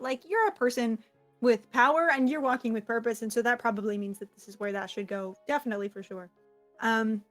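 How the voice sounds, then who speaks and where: A woman's voice: sits high, fairly bright tone. Enthusiastic woman game master. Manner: enthusiastic, quick to laugh. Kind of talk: narrating a tabletop game.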